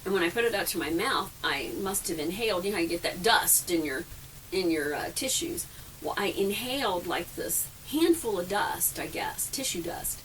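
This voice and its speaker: A woman's voice: on the low side, expressive, moderate pace, fairly bright tone. A middle-aged woman telling rambling, self-deprecating camping stories in a casual vlog, laughing often, recorded inside a camper. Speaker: vlogger. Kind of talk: casual storytelling. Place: camper trailer. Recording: distant mic with faint background noise.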